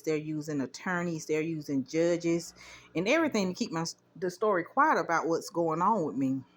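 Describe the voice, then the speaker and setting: A woman vlogger at home doing laundry, telling a story casually to her viewers in an indignant, animated way. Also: sits low. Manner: indignant, animated retelling with quoted dialogue.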